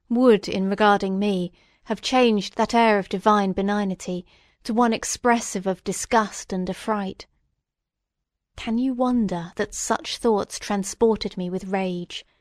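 A woman reading a classic novel aloud in a measured, solemn manner. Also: medium pitch, fairly even intonation, no room sound, studio quality. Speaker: audiobook reader.

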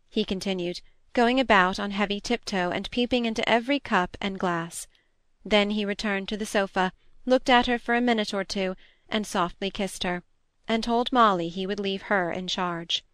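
A woman narrating a novel as an audiobook reader, reading in a measured, even way. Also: medium pitch, clear, resonant tone, dry recording. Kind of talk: scripted narration.

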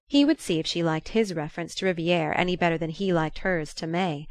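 A woman narrating a novel as an audiobook in a measured, even reading. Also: fairly low pitch, dry recording, studio quality.

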